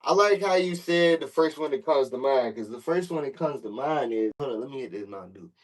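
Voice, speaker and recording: A young man swaps stories as a podcast guest in an easy, rambling way, padding every thought with filler phrases and swearing freely. His pitch sits in the ordinary middle, and when he acts out a standoff he climbs noticeably louder and higher. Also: animated, brisk, rough recording. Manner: loose, profane, full of "like" and "you know what I'm saying"; gets loud and high when reenacting confrontations. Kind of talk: casual storytelling.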